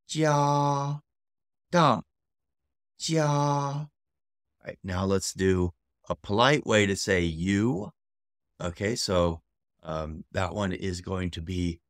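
A man teaching a beginner language lesson, patient and steady, who repeats syllables slowly and loudly to model each tone. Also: low voice, dry recording, clean studio sound.

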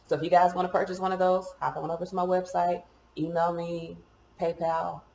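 Woman tarot reader, gravelly voice, casual chatty delivery, echoey room. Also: on the low side, flat delivery, a little fast, darkish tone, slight background noise. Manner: chatty, swears and laughs at herself.

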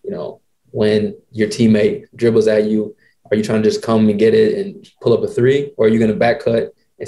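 Mellow-voiced man telling stories. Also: on the low side. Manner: animated, slangy, quotes people in his stories. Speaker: podcast host. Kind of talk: casual storytelling.

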